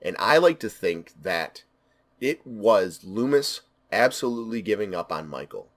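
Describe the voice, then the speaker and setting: A man talks through a film in a loose, unscripted review. His voice sits on the lower side, and he leans on repeated words to stress what he loves. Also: sing-song, measured pace. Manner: enthusiastic, emphatic repetition. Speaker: movie reviewer. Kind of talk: casual spoken film review.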